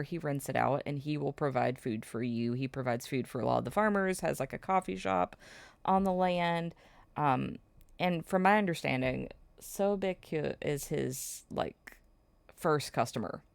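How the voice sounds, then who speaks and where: A woman's voice: deep voice, creaky, dry recording. A woman host casually recapping a drama plot, chatty with frequent fillers and laughs.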